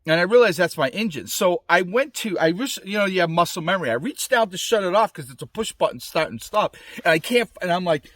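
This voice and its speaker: A man casually telling a personal story to camera, animated and rambling, with lots of restarts and fillers. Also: high-pitched, brisk, few pauses, no echo, studio quality. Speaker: gear reviewer telling his accident story. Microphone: small camera mic.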